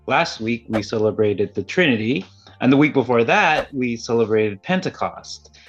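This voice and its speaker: A man's voice: lively intonation, moderate pace, fairly bright tone, faint music behind. A man co-hosting a casual podcast, chatting in an easygoing way about his week and what he's been reading. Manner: chatty, easygoing, hesitant fillers. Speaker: podcast co-host. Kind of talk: casual chat. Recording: dull low-fi audio.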